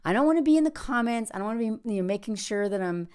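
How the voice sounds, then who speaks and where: A woman's voice: on the high side, animated, racing, darkish tone, clean tone. A woman who makes online videos talks in a casual personal vlog. She rambles, interrupts herself, uses many fillers, and is reflective and candid. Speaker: content creator.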